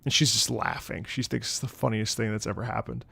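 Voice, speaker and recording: A young man on a casual livestream, rambling through anecdotes and breaking into loud laughter. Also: fairly low pitch, steady tone, brisk, creaky, slightly rough, no room sound. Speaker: streamer reacting to game music. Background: game music playing.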